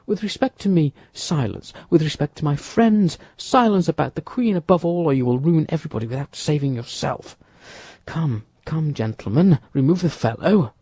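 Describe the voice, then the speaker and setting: A shrewd young musketeer gives brisk orders, read by a man. His voice is lively and husky, with a mellow tone. It sounds dry and close to the mic. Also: a little high, dry recording, pitched above the performer's own voice.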